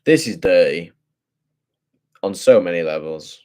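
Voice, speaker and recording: A man's voice: low voice, lively intonation, a little slow, darkish tone. A young man casually talking through forex charts, thinking aloud in profane, slangy speech. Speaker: forex trader.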